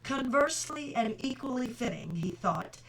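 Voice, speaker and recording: A middle-aged woman reading a novel aloud at home, steady and clear, now and then stopping for chatty asides. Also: high voice, moderate pace. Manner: reads steadily, breaks off for chatty asides and laughter. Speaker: audiobook reader.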